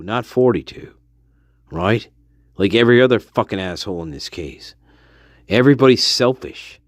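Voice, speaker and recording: A man's voice: fairly low pitch, no room sound, clean studio sound. A man hosting a stream, giving heated commentary in a blunt, profane way and laughing often. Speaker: livestream host.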